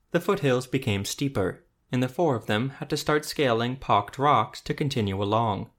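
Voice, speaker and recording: Steady male audiobook narrator. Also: mid-range voice, moderate pace, few pauses. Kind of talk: scripted narration.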